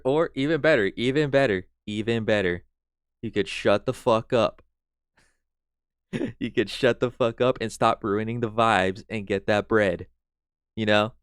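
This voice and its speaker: A man's voice: on the low side, fairly bright tone, clean tone, no room sound, studio quality. A man streaming a reaction to a video, ranting in exasperation and swearing freely.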